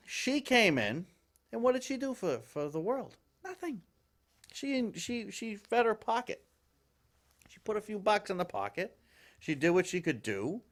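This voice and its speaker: A male talk show host riffs on politics in a live studio, exasperated and full of restarts. His voice runs fairly high and swings widely in pitch. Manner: animated, exasperated, rambling with restarts.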